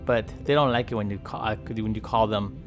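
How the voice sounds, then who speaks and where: A man's voice: fairly low pitch, a little fast, music in the background, lightly acted. A man doing a rambling, jokey bowhead whale. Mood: chatty. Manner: rambling, joking, trash-talking. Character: chatty, friendly male bowhead whale. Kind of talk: playful game commentary role-play.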